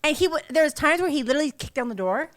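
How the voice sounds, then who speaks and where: High-pitched woman host, teasing and joking around, easy chat. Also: animated, a bit bright. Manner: playful, teasing, quick asides. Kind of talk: casual chat.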